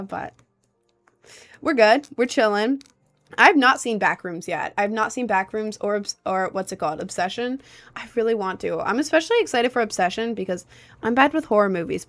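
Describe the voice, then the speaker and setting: Young woman streamer, casual and rambling, mid-pitched, answers chat as she goes. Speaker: live streamer.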